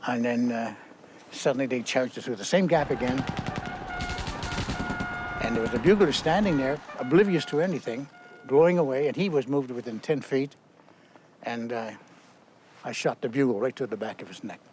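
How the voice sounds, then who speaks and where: An older man, a war veteran, recounting his memories outdoors in a halting way, with many fillers and restarts. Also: mid-range voice, noisy background.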